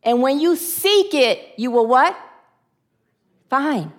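A woman giving a personal testimony sermon, emotional, swinging from excited high lines to hushed low ones, and preaching to her listeners. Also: slow pace. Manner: preachy, asks audience to answer. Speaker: spiritual speaker.

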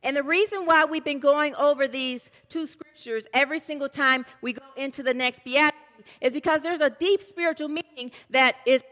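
A woman's voice: sits high, moderate pace. A woman pastor giving a sermon in a church, chatty and loose, often restarting her sentences. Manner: warm conversational preaching with loose restarts. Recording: long hall reverb.

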